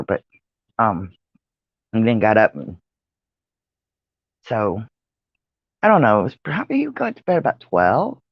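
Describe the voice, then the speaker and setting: Tired woman vlogger, slow chatty ramble, dry muffled sound. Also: very deep voice, dry recording. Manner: rambling, chatty, with many fillers and yawns. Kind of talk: casual vlog chat. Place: outdoor porch with traffic nearby.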